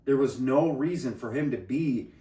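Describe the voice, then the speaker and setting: A man's voice: medium pitch, lively intonation, moderate pace, dark tone, distant mic. A man co-hosting a casual chat, telling a heated story full of profanity and acting out the people in it. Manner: heated, swearing, mimics people in his story. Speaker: podcast co-host. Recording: roomy, off-mic sound.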